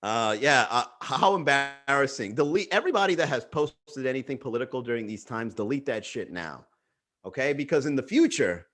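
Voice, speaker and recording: A man's voice: medium pitch, animated, a little fast, fairly bright tone. A man hosting a casual comedy livestream, riffing profanely and acting out other people's voices.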